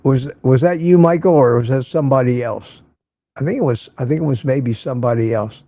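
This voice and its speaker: A man's voice: medium pitch, brisk, mellow, no echo. An older man hosting a casual morning livestream, greeting viewers by name and rambling sarcastically. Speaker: livestream host.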